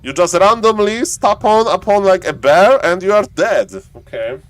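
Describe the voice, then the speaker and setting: A man casting a strategy game live on stream, joking around and yelling excitedly when fights break out. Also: moderate pace, hardly any pauses. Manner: playful, jokey, bursts into excited high-pitched yelling in fights. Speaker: esports caster.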